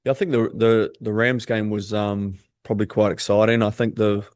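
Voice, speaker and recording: A man, talking easily as a basketball guest on a podcast, with many "um" pauses. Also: on the low side, level tone, no echo, clean studio sound. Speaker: basketball player and coach, guest. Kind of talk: casual podcast interview.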